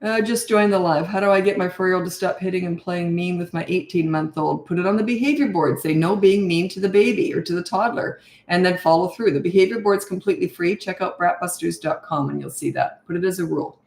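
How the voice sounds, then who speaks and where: A woman's voice: fairly low pitch, brisk, few pauses, a little mellow, roomy sound. A middle-aged woman coaching parents in a live Q&A, giving blunt, no-nonsense advice with rhetorical questions. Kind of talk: live Q&A, answering viewer questions.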